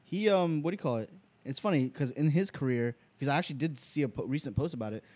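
A young man guesting on a casual podcast. He often pauses to hunt for words, filling the gaps with ums, and sounds easygoing in the chat. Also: a little high, darkish tone. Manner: hesitant, lots of ums.

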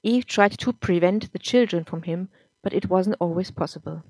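A woman narrating a story in a measured, somber reading. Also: on the low side, a little mellow, no echo. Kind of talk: audiobook-style story reading.

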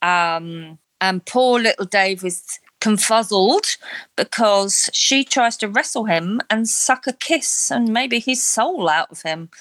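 A woman's voice: medium pitch, expressive, slow, a bit bright, dry recording. A woman co-hosting a podcast, chatting in a casual, opinionated and self-deprecating way about a reality show. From not Australia. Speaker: podcast co-host.

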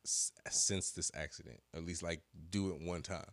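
A man co-hosting a podcast in casual chat, low-key and slangy with some cursing. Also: fairly even intonation, moderate pace, a bit bright, no room sound. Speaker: podcast co-host.

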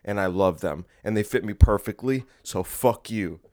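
A man's voice: on the low side, normal speed, a little mellow. A man hosting his own solo podcast from his bedroom at home, chatting in a restless, jokey way that keeps getting sidetracked. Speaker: podcast host. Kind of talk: rambling solo podcast chat.

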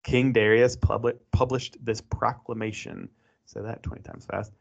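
A man's voice: medium pitch, little pitch movement, moderate pace, vocal fry. A man co-hosting a casual Bible-study podcast, chatting loosely with many fillers and frequent laughs. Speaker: podcast co-host. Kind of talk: casual chat and Bible reading. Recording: dull lo-fi podcast sound.

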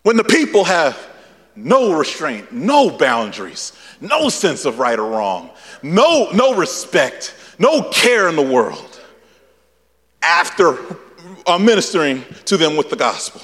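A young man preaching a sermon as pastor, with shouted peaks and a lot of repetition. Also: on the high side, wildly swooping pitch, takes it slowly, long reverb tail.

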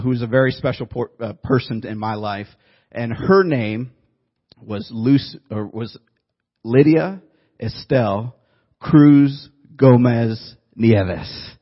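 Before a congregation in a church room, a pastor with a mid-range, husky and slightly breathy voice delivers a sermon as easygoing storytelling, teasing the audience at times. The audio is dull and lo-fi.

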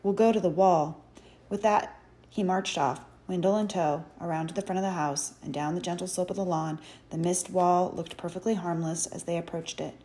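A woman reading an audiobook chapter in measured, expressive storytelling narration. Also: fairly low pitch. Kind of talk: scripted narration.

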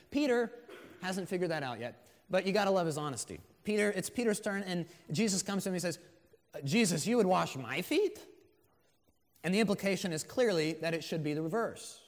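A man preaching a sermon as pastor, earnest and conversational, rising to emphatic swells. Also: fairly high pitch. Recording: long hall reverb.

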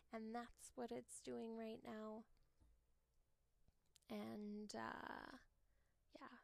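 Young female podcast host, unhurried, giggly and rambling, dry close-miked sound. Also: a little high, a little mellow, dry recording. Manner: rambling, giggly, many fillers and restarts. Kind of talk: casual chat.

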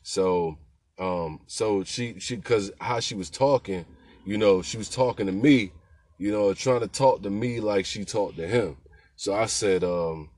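Low-voiced guy telling a story, slangy and laid-back, keeps going "you know what i'm saying". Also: a little slow, darkish tone, no echo. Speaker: podcast host telling rideshare stories. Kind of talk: casual storytelling.

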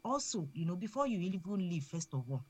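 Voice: medium pitch, sing-song, a little fast, breathy edge. A speaker with a Nigerian accent giving earnest advice to parents, often repeating words while building a point. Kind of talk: advice talk.

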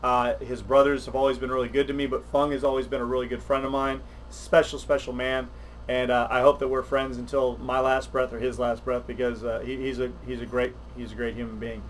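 An older man, chatting on a podcast livestream, rambling and animated with many restarts. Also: medium pitch, fairly quick, slight background noise. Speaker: podcast co-host. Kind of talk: casual chat on a livestream.

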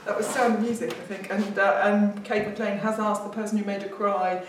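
A woman's voice: mid-range voice, level tone, fairly quick. A woman co-hosting a casual chat about auditions, with dry teasing humour and frequent giggles. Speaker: podcast co-host, theatre director. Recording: echoey room, far from mic, faint noise.

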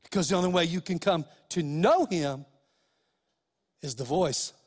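A man's voice: fairly high pitch, unhurried, in a large hall. A pastor preaching a sermon, emphatic and speaking straight to his listeners with rhetorical questions.

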